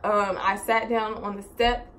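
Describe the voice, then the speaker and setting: A woman's voice: mid-range voice, measured pace, slight background noise. A young woman vlogging a story in a casual, rambling way, filling her talk with "like" and "so" and swearing in exasperation. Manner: rambling, animated, heavy use of "like" and "so".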